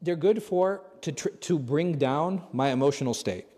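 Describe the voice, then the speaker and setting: A man's voice: a little high, normal speed, mellow. Man teaching in an echoey hall. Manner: asks the audience rhetorical questions. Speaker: imam teaching a class. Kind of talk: conversational religious lesson. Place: large mosque hall. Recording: long hall reverb.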